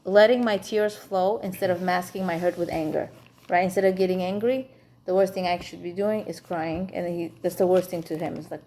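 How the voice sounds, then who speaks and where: A woman's voice: fairly low pitch, a little fast, mellow. A woman teaching an informal class for women on marriage, chatty and frank, with humor.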